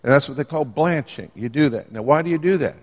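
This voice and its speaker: Lively man preaching in a reverberant hall. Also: on the high side, fast talker. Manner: lively, conversational, jokes with the audience. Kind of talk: sermon. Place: church hall with live congregation.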